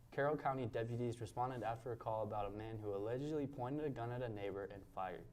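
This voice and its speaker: A man's voice: on the low side, darkish tone. A man reading news items and the lunch menu in a plain read-aloud manner. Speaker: news anchor.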